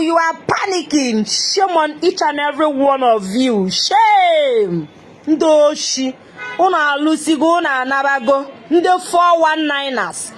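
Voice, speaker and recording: A woman's voice: high-pitched, expressive, a little slow. A woman with an Igbo Nigerian accent ranting on a live stream, taunting and laughing, repeating her jabs. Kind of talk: mocking live-stream rant mixing Igbo and English.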